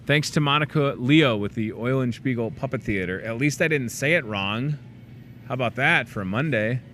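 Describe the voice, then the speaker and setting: A man hosting a local in-store talk show, chatting casually and rambling through plugs, jokes and shout-outs. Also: mid-range voice, normal speed, slight background noise. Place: grocery store.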